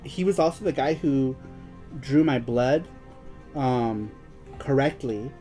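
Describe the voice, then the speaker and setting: A man's voice: mid-range voice, takes it slowly, dark tone, faint music behind. Giggly young man in casual chat. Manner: prone to fits of giggling. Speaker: podcast co-host.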